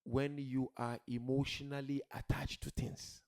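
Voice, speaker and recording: A man preaches to an assembled crowd in a medium-pitched, unhurried voice with a flat delivery. Even so, he shifts from soft pleading to loud, shouted emphasis, asks rhetorical questions, and keeps repeating key words.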